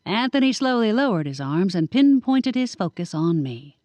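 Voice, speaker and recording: A woman narrating a first-person audiobook in a lively, wry storytelling manner. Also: medium pitch, moderate pace, hardly any pauses, no room sound. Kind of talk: scripted narration.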